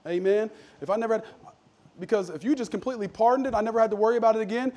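A man pastor preaching a sermon, calling for amens and swinging between loud emphatic lines and low asides. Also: very fast. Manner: call-and-response preaching, asks for amens.

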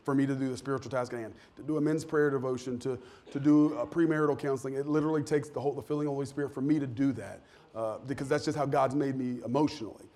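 A man preaching a casual, candid sermon to his church, with frequent restarts and lively asides. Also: mid-range voice, very fast. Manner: candid, self-deprecating, animated with many restarts. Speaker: pastor. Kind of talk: conversational sermon. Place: church sanctuary.

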